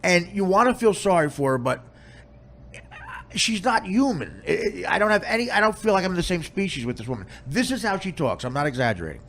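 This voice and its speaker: Gravelly-voiced man telling comic stories. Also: high-pitched, sing-song, brisk, a bit bright. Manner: laughs through his stories, casual and crude. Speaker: podcast host. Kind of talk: comic storytelling.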